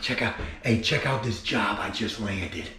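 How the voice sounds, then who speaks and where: A man's voice: fairly low pitch, unhurried, pushed and bright, roomy sound, pitched below the performer's own voice. A man putting on the voice of a brash, clueless male contractor who brags in slang about a job he has landed. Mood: cocky. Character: cocky clueless male contractor boasting online.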